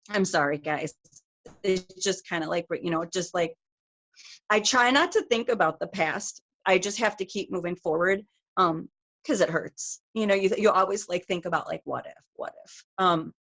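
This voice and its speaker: A middle-aged woman, a guest speaker, telling a personal story on a group call in a rapid, emotional way with lots of fillers. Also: lowish voice, a bit bright.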